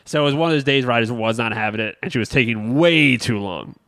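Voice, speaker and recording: A man in casual chat tells a frank story about parenting, laughing at himself now and then. His voice sits at an ordinary pitch and sounds dry and close, with no room around it. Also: lively intonation, fast talker, a bit bright, no room sound. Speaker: podcast co-host, father.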